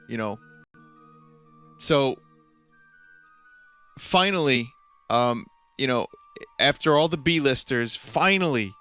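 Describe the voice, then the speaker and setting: A man telling a rambling, amused story while he streams a game, full of restarts and filler words. His voice is bright and forward, with faint music underneath. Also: medium pitch, normal speed, pauses often, smooth.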